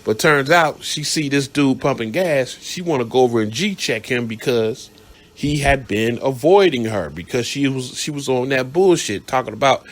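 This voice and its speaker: A man's voice: mid-range voice, lively intonation, moderate pace. A man hosting a radio show, telling a story in a casual, blunt, profane monologue and laughing along the way.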